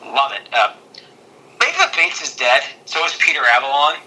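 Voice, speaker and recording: A man co-hosting a podcast, telling jokey stories in an animated way. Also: fairly high pitch, moderate pace, poor audio. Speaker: podcast co-host. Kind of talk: casual chat.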